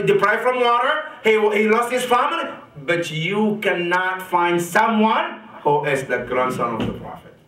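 A man preaching a sermon to a congregation, rising sharply on his main points, dropping low for quotations and often asking "right?". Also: sharp tone. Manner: repeats rhetorical "right?" to the congregation. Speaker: sheikh giving a religious lecture. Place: mosque or community center hall. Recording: echoey hall, mic from a distance.

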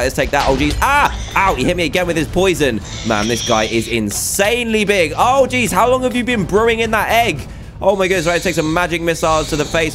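A man hosting a video game let's play, excitable and chatty, exclaiming often. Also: on the high side. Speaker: gaming video host.

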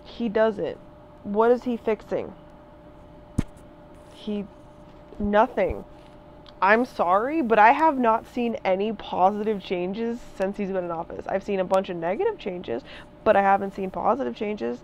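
A woman's voice: mid-range voice, animated, unhurried, pauses often, a little hiss or hum, low-quality recording. A woman in her twenties ranting in a vlog, heated, emphatic and profane, hammering her points with repetition. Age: 20s. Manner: repeats phrases for emphasis. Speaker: vlogger. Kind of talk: ranting monologue.

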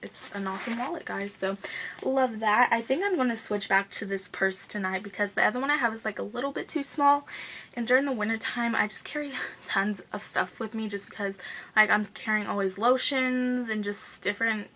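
A young woman talks through her monthly favorites with a bright, crisp tone. She gushes and rushes, leaning on "like" and "guys" in a loose, casual vlog style. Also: fairly high pitch, rough recording. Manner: gushing, fast-talking, says "like" and "guys" a lot. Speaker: beauty vlogger.

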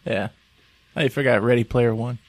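A man on a podcast giving short, quiet reactions in casual chat. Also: mid-range voice, normal speed, dry recording. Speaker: podcast co-host.

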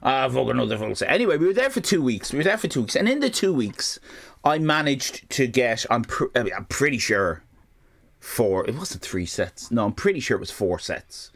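A man's voice: medium pitch, big pitch swings, a little fast, vocal fry, fairly bright tone. Profane, rambling male storyteller. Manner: profane, rambling, self-interrupting. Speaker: streamer.

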